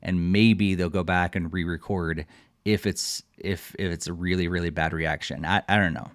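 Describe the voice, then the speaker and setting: A man's voice: deep voice, steady tone, moderate pace, no room sound, studio quality. A man co-hosting a podcast, chatting casually and rambling with frequent restarts and chuckles. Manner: rambling, restarts often, chuckles while talking. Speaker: podcast co-host.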